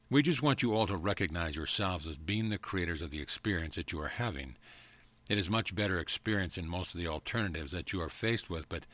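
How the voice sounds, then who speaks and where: A man reading a channeled spiritual message aloud in a calm, measured, evenly paced way. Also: deep voice, no room sound. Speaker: audiobook reader.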